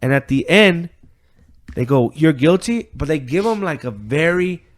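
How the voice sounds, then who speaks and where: A man's voice: on the high side, animated, normal speed. A man co-hosting a podcast, retelling a story in a loose, profane, rambling way, full of filler words and quoted voices. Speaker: podcast co-host. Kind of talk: casual chat, retelling a story.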